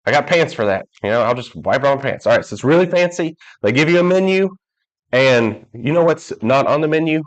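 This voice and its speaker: Guy preaching in church, jokey storyteller, does little voices, normal pitch. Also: expressive, a little fast, dull audio. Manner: joking, storytelling, acts out quoted people. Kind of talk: casual sermon. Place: church hall.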